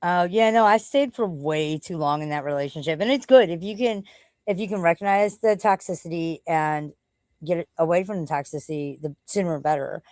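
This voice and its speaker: A woman's voice: on the low side, fairly quick, darkish tone, no room sound. A middle-aged woman chatting casually on a livestream at home, rambling and swearing offhandedly. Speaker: livestream host. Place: at home, walking out to the backyard.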